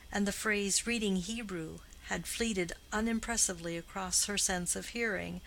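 A woman narrating a classic novel in a measured, even storytelling manner. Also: mid-range voice, vocal fry, slight background noise, rough recording. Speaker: audiobook narrator. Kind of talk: scripted literary narration.

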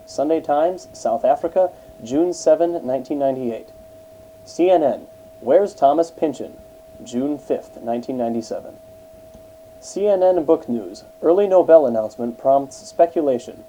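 A man's voice: fairly high pitch, animated, moderate pace, dark tone, slight background noise, poor audio. A man steadily reading an encyclopedia article aloud, spelling out dates in full. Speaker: narrator.

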